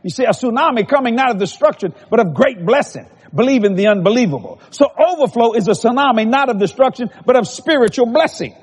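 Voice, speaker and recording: A male preacher delivers a sermon, stacking phrases and firing questions at the congregation. His voice sits very high and sounds husky. It carries a long reverb from a large hall. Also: lively intonation, quick pace, few pauses. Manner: repetitive building cadence, calls out to the congregation.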